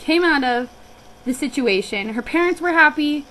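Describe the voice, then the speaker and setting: A woman's voice: high-pitched, animated, normal speed, a bit bright, a little hiss or hum, low-quality recording. A young woman who works on a guest ranch, telling a personal story in a chatty, reflective way with frequent restarts.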